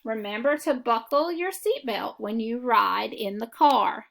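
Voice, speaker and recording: Teacher, female, slightly high voice with some fry, slow patient phonics delivery. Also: a bit bright. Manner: slow, deliberate instructional delivery. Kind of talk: phonics lesson for children.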